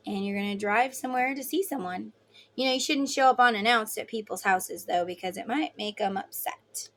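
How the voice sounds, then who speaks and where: A woman giving a casual tarot reading, blunt and swearing freely, acting out quoted voices loudly. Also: fairly high pitch, a little fast. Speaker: tarot reader.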